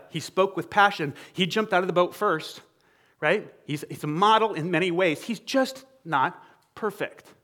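A man preaching a sermon in an animated, conversational way, acting out quoted dialogue and checking in with the congregation. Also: on the high side.

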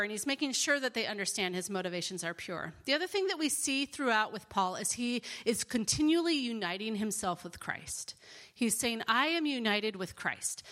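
A woman giving a conversational Bible teaching, earnest and expressive, with frequent fillers. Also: a little high.

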